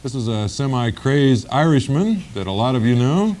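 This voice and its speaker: A man's voice: mid-range voice, moderate pace. A man hosting a 1980s local television variety show, joking with the band and introducing the next act. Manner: joking, lively host banter. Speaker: show host. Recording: lo-fi 1980s TV broadcast with noise.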